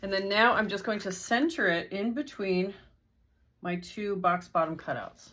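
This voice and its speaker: A woman's voice: mid-range voice, normal speed, a bit bright, slight background noise. A woman walking through a sewing tutorial step by step, in a friendly, methodical, casual way. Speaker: sewing instructor.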